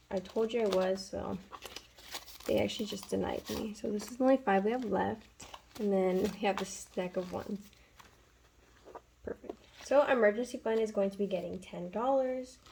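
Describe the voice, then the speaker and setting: A woman chatty budget vlogger with vocal fry. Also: medium pitch, darkish tone, slight background noise, poor audio. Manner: chatty, counts bills aloud, filler-heavy. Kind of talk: casual chat while counting cash.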